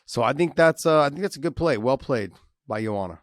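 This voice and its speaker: A man co-hosting a sports podcast from a video call, breaking down fights in a loose, rambling way and teasing his partner. His voice is medium in pitch and the sound is dry and close. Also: expressive, a little fast, dry recording. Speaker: podcast co-host. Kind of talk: casual sports chat.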